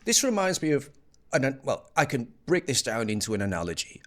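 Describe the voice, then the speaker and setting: A man's voice: medium pitch, big pitch swings, brisk, a bit bright. A man giving casual reaction commentary on a news clip in a sarcastic, mocking manner.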